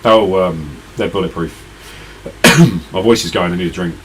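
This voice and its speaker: Tired, rambling deep-voiced man. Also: moderate pace, a little hiss or hum, low-quality recording. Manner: rambling, chatty, talks to viewers in chat. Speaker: retro gaming live streamer. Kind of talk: casual live-stream chat.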